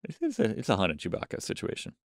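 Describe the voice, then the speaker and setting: A fast-talking male co-host chats casually on a podcast, rambling and restarting a lot. His low voice swoops wildly in pitch, and the recording is dry with clean studio sound.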